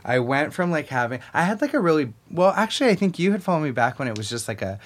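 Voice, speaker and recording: A man's voice: on the high side, big pitch swings, fast. A young adult man, an actor guest, chatting casually on a podcast and rambling with many restarts and fillers. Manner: rambling, restarts, lots of likes.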